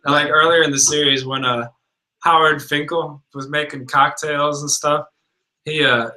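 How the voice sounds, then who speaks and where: A man's voice: a little high, fairly even intonation, moderate pace, pushed and bright, poor audio. A young man co-hosting a casual chat, rambling through stories with lots of filler words. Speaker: podcast co-host.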